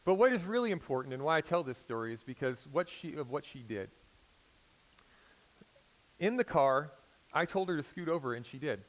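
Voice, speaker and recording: A man's voice: a little high, poor audio. Storytelling American man preaching a sermon. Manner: conversational storytelling preacher, swings from loud emphasis to quiet intensity. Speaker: pastor.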